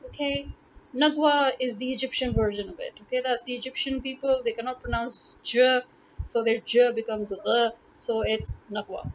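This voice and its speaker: With a fairly high pitch, a steady tone, and normal speed, a Pakistani woman vlogger speaks casually to camera in a Pakistani English accent. Her opinion monologue is exasperated and packed with rhetorical questions, and the audio is dull lo-fi with faint noise.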